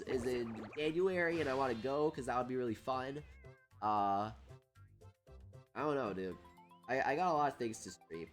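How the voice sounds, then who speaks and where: Stuffy-nosed guy streaming games, super bouncy voice, yelling at the game, some quiet music in the back. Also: a little high. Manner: excitable, reads out chat names, yells at the game. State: stuffed-up nose. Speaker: gaming livestreamer. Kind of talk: casual livestream chat.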